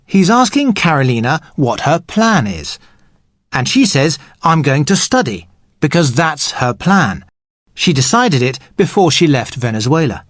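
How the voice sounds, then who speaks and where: A man speaking as an English teacher, explaining grammar patiently and clearly for learners. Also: a little high, sing-song, unhurried, fairly bright tone, dry recording, clean studio sound.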